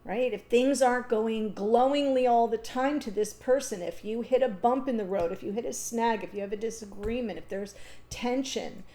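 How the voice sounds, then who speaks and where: A woman with a fairly high, mellow, warm voice works through a tarot spread. She talks in an unscripted, reassuring way and pauses to think aloud with ums and restarts. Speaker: tarot reader. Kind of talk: unscripted tarot reading monologue.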